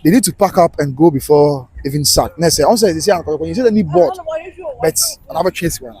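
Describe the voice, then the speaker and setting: A Ghanaian man holds forth on a live stream, his fairly high voice a little husky. He rants in quick bursts, switching between Twi and English as he talks football. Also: lively intonation, a little mellow, low-quality recording. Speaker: livestream football commentator. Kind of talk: casual live commentary.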